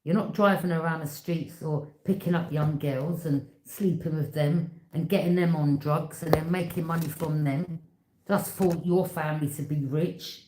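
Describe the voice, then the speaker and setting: A woman reads tarot cards in a casual, blunt way, stressing her words and repeating herself as she speaks straight to the viewer. Her voice sits fairly low. The room gives back a clear echo. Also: fairly even intonation, normal speed, a little mellow, a little hiss or hum. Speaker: tarot reader. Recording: echoey room.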